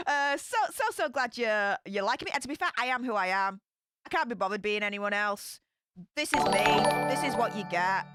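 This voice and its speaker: A woman's voice: mid-range voice, moderate pace, no room sound, clean studio sound, soft background music. A young woman with a Yorkshire accent hosting a casual livestream, chatty and upbeat as she greets viewers and reads their comments. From Yorkshire, England. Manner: upbeat, chatty, bursts of excitement. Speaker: livestream host.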